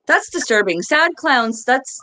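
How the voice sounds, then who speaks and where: A woman's voice: sits high, animated, measured pace, sharp tone. A woman co-hosting a podcast, chatting casually and easily, with lots of "like" fillers. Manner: chatty, says "like" a lot, easygoing. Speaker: podcast co-host. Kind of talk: casual chat.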